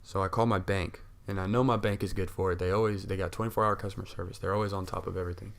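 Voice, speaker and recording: A young man with a lowish voice tells a story on a casual podcast, worked up and swearing freely. He acts out the other people's lines as he goes. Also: flat delivery, rapid-fire, vocal fry, fairly bright tone. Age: young adult. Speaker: podcast co-host. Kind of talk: casual chat.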